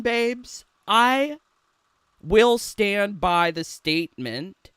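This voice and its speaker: A man's voice: on the high side, big pitch swings, a little slow, a bit bright, clear, resonant tone, no echo. A man ranting in a sarcastic, rambling, giggly way from his home in a casual gaming vlog. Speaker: gaming YouTuber. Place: home room.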